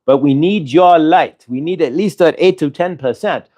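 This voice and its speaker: A man's voice: a little high, moderate pace, dark tone. A man giving a live channeling talk, earnest and repetitive in a coaxing way. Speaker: spiritual channeler.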